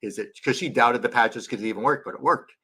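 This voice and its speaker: A man's voice: fairly quick, breathy edge. A man guesting on a podcast over a video call, telling stories with eager enthusiasm. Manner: animated storyteller, acts out quotes in a high voice. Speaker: chiropractor guest.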